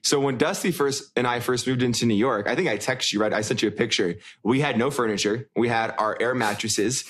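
A man's voice: mid-range voice, a little fast, few pauses, a bit bright. Young male podcast co-host, casual and rambling, mid-range voice. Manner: rambling, full of fillers and restarts. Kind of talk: casual chat.

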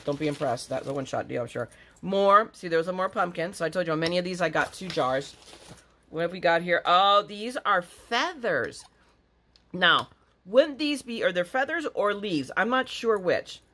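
A woman's voice: lowish voice, expressive, moderate pace, a bit bright. A woman vlogger chatting casually to her viewers while she unboxes craft supplies. She gushes and rambles, restarts her sentences, and breaks into sudden gasps and squeals of delight.

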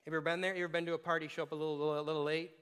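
A man's voice: on the high side, flat delivery, racing, a bit bright, clear, resonant tone. A male pastor giving a sermon in a conversational way, with playful asides to the congregation.

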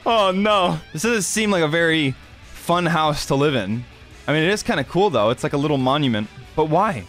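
Young guy, kinda high voice, bounces around a lot, confused game commentary, soft music behind. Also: animated, normal speed. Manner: puzzled, exclaiming, questioning. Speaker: gaming YouTuber. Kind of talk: casual gameplay commentary.

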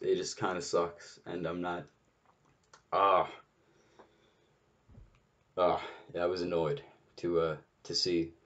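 In a muffled recording, a man with a low voice delivers an off-the-cuff political rant on his own. The commentator sounds exasperated and sarcastic, swearing a lot and stumbling through fillers and restarts.

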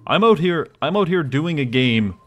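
A man's voice: fairly high pitch, moderate pace, soft background music. Rambling, joking young male streamer. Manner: rambling, joking, bursts into excited exclamations. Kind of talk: casual live gameplay commentary.

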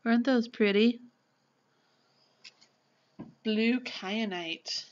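A woman vlogger chatting casually through an unboxing, gushing and excitable, often apologizing as she shows things. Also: fairly high pitch, very slow, lo-fi sound.

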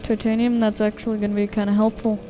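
Talking fast in a warm, mid-range voice with little pitch movement, a female video game streamer commentates her own play. She addresses viewers directly, startles easily, and nervously repeats herself.

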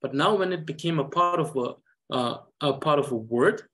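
A man's voice: fairly high pitch, moderate pace, fairly bright tone. A man with a Tibetan accent teaching a reading lesson, explaining pronunciation patiently and repeating syllables for students to follow.

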